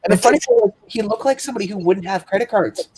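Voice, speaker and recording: A woman from Canada co-hosting a livestream, chatty and laughing as she tells stories in casual talk, now and then in quick bursts. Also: mid-range voice, darkish tone, slightly rough. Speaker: livestream co-host. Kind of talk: casual storytelling chat.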